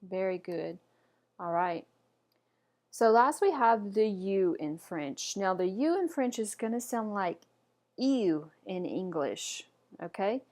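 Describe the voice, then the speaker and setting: Taking it slowly, a woman leads a patient online pronunciation lesson, modeling each word repeatedly and cheering the learner on. Her mid-range voice is a little mellow, with lively intonation.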